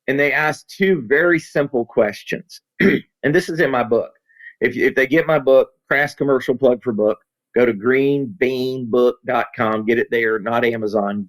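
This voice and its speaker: Male consultant, folksy and animated, spins anecdotes in conversation. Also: mid-range voice, low-quality recording. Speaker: safety consultant and author. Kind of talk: storytelling in a podcast interview.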